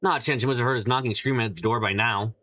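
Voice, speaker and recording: A man playing a mystery game, reading the characters' lines aloud and giving several of them higher put-on voices. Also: rapid-fire, pushed and bright. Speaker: let's play streamer.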